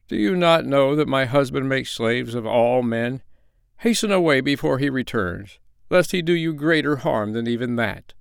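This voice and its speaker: A man's voice: mid-range voice, animated, normal speed, gravelly, smooth, no room sound, studio quality, pitched above the performer's own voice. A man reading the part of a grieving mother bear, the wife of a great bear, in a storybook. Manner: sobbing, pleading, then overjoyed.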